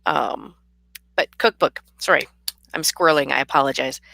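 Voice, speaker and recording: A woman's voice: sits low, moderate pace, gravelly, sharp tone, no room sound. A tired woman chatting casually to her camera in a rambling, laughing way. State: tired, yawning. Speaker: vlogger and author. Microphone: camera mic.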